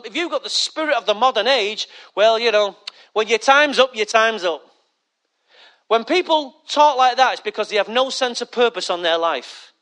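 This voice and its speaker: Male preacher, bright and forceful tone, funny anecdotal sermon style. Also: very high-pitched. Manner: humorous, lively storytelling preacher. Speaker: pastor.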